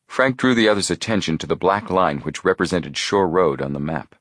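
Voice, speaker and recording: Male audiobook narrator, deep voice, lively delivery, dry close recording. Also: a little fast, hardly any pauses, no room sound. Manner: expressive storytelling. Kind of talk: scripted narration.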